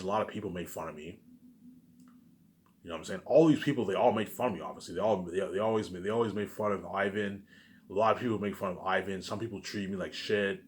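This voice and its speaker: Male vlogger with a lowish voice and a rapid delivery. Delivers a heated, profane, repetitive monologue full of restarts. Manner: repetitive, profane, keeps asking "you know what I'm saying"; heated, restarts and stammers often. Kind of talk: rambling personal monologue.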